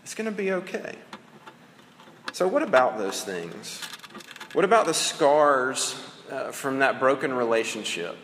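A man's voice: mid-range voice, a bit bright, a little hiss or hum. A man in his thirties preaching a sermon in a conversational way, with fillers and restarts. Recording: echoey hall with long reverb.

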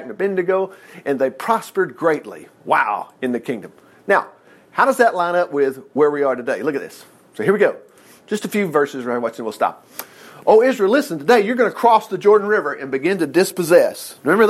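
A man in his fifties preaching a conversational, animated sermon and acting out the quotes he reads. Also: a little high. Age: 50s.

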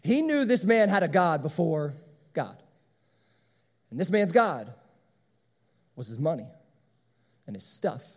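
A man's voice: on the high side, very animated, slow, long pauses. A man preaching a sermon as pastor, emphatic and repeating his key phrases. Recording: long hall reverb.

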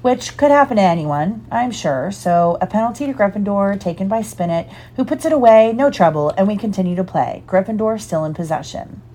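A woman voicing an excitable teenage boy commentating a match with cheeky play-by-play. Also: mid-range voice, fairly quick, hardly any pauses, close to an everyday voice.

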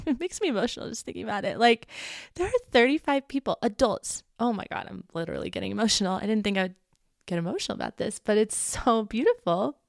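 A young American woman hosts a podcast, talking casually and animatedly to listeners in a personal monologue, laughing often and swearing lightly. Her fairly high voice is creaky, and the sound is studio quality with no echo.

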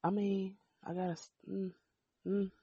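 A woman's voice: medium pitch, level tone, unhurried, dark tone, slightly rough, dry recording. A woman co-hosting a podcast, talking in a blunt, emphatic casual chat and swearing freely. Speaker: podcast co-host. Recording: dull lo-fi sound.

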